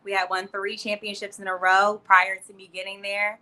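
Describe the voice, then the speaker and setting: A woman's voice: mid-range voice, level tone, normal speed, pushed and bright. A woman in her twenties from New Jersey and Florida, a PR professional chatting as a friendly interview guest. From New Jersey and Florida, United States. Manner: friendly, chatty, laughs easily. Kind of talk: casual interview.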